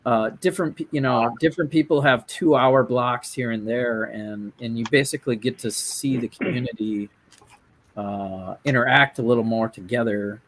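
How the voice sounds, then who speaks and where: A man from Minnesota chats loosely as co-host of a hobby talk show. His pitch sits in an ordinary middle range. He rambles, trails off and restarts his sentences often. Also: normal speed, a bit bright, a little hiss or hum. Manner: rambling, full of fillers and restarts. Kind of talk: casual chat.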